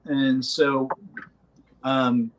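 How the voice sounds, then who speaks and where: A man in a band, talking casually in an interview, rambling with many pauses and fillers. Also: medium pitch, little pitch movement, slight background noise, rough recording. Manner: rambling, hesitant with many ums. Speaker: band member.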